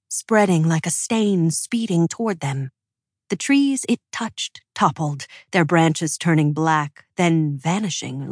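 A woman narrating a fantasy story in a measured, expressive audiobook style. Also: on the low side, dry recording, clean studio sound.

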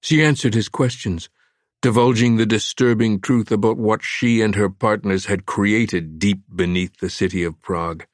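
A man narrating a thriller audiobook in a measured, dramatic way. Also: on the low side, fairly even intonation, no echo, clean studio sound. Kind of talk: scripted narration.

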